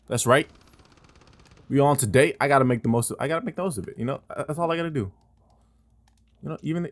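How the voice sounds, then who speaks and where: Man, gameplay commentary, lively swings in pitch, swearing, exasperated, talking to viewers. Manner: exasperated, swearing trash talk at opponents and teammates; talks to viewers directly with rhetorical questions. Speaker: gaming streamer.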